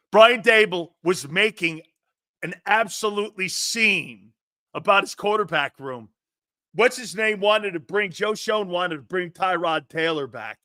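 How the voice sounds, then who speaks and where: A man's voice: sits high, sharp tone, no room sound, clean studio sound. A man hosting a sports talk show, giving brash, mocking opinions and laughing often.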